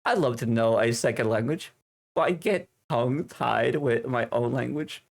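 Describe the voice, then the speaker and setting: A man's voice: mid-range voice, creaky. Chatty Finnish-accented male streamer. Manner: chatty, halting English with many fillers. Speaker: livestream host. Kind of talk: casual stream chat. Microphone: desk streaming microphone.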